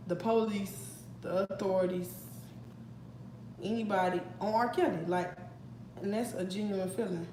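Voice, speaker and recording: A woman's voice: mid-range voice, fairly even intonation, a little slow, dark tone, a little hiss or hum. Blunt, profane young woman venting. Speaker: vlogger. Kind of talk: casual storytime vlog. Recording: echoey room with faint ambience.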